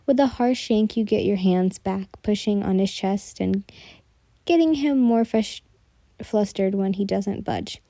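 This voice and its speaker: Very mellow woman reading a story. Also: mid-range voice, animated, a little slow, no echo. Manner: casual reading with slips and self-corrections. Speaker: fanfic reader. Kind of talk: narrating listener fanfiction.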